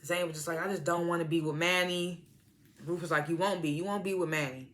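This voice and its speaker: A woman's voice: lowish voice, fairly even intonation, fairly quick, fairly bright tone. A woman chatting through a recap of a TV episode, retelling the scenes in quoted voices and laughing often. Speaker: TV show reviewer. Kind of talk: casual recap and review.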